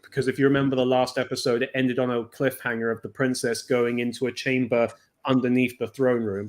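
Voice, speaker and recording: Chatty British man recapping a show. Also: mid-range voice. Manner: chatty, laughs often, loose restarts. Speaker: co-host. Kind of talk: casual stream chat recapping an episode.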